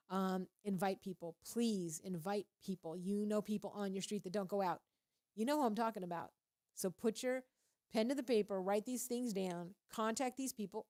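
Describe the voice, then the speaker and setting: A woman's voice: medium pitch, a little mellow. A woman hosting a radio show, talking casually and preachily at a studio microphone with a lot of animation and frequent laughter. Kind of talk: casual faith-based radio talk.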